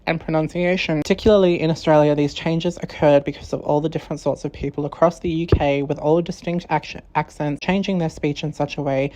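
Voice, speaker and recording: Low, flat-voiced woman narrating. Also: rough recording. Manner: measured, reading quotations aloud. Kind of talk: scripted documentary narration.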